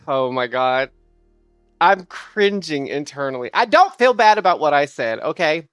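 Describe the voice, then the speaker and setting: Chatty woman streamer, low and dry. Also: unhurried, clear, resonant tone, dry recording, faint music behind. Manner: animated, laughs often, swears freely. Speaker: livestreamer. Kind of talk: casual storytelling chat.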